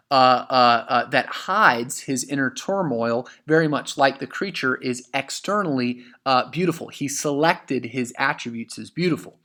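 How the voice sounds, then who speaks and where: In a recorded lesson, a male high school English teacher talks through an example essay, his medium-pitched voice pushed and bright. He fills his explanation with fillers and restarts, and reads quotations aloud including every punctuation mark.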